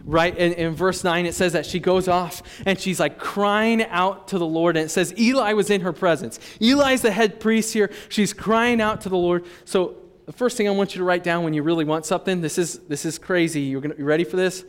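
A young man preaching a sermon as pastor, in a casual, conversational way with quick asides. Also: high voice, clear, resonant tone. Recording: long reverb in a large hall.

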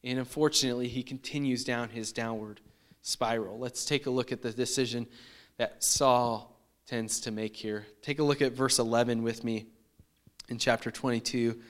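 A man's voice: mid-range voice, steady tone, normal speed. A man preaching a sermon in a conversational way, often repeating and restarting his phrases. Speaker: pastor.

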